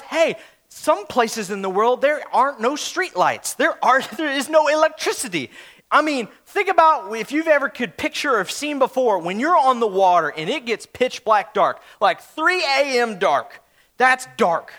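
Guy preaching a sermon, really high voice, lively storytelling w jokes. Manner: animated storytelling with joking asides. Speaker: pastor.

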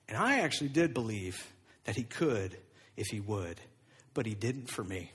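A man preaching a sermon, moving between loud, animated emphasis and quiet, hushed passages. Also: mid-range voice, a little slow, slightly rough. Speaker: pastor.

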